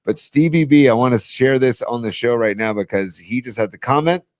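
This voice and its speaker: A middle-aged man co-hosting a podcast in casual chat, telling stories and rising to excited emphasis. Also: mid-range voice, fairly quick, no echo, clean studio sound. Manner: storytelling, rises to excited emphasis. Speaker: podcast co-host.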